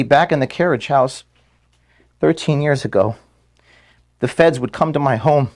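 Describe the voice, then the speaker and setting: Guy doing a farewell statement to staff from his office, middle-pitched voice, earnest and measured, goes quiet and halting when it gets emotional. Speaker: organization founder addressing staff. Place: office room at headquarters.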